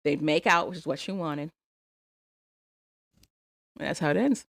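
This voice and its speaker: A woman with a lowish voice co-hosts a casual podcast, talking in an opinionated, sarcastic way. The sound is dry and close, with no room echo. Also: unhurried, creaky. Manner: opinionated, sarcastic, laughs often. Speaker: podcast co-host. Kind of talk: casual chat recapping reality TV.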